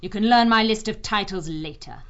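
A man's voice: high voice, a little fast, fairly bright tone, pitched above the performer's own voice. A man voicing a commanding, imperious female wildcat queen who barks clipped orders. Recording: dull lo-fi audio.

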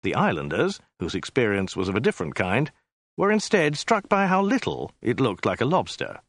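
A male narrator reading a comic tale aloud. His delivery is dry and deliberate, and his voice moves animatedly up and down. The recording is close and free of room sound. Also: medium pitch, huge pitch swings, dry recording. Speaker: audiobook narrator.

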